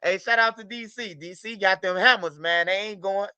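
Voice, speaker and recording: Speaking at a moderate pace in a sharp, high-pitched voice, an American streamer chats loosely with his audience, swearing and leaning on repeated street slang while naming people in chat. The recording is smooth and dry.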